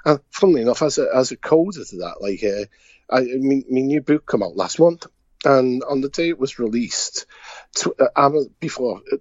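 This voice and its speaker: A man's voice: mid-range voice, animated, moderate pace, darkish tone, no echo, dull audio. A man with a Liverpool Scouse accent telling anecdotes in casual chat, blunt and chuckling as he talks. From Liverpool, England. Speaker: podcast co-host.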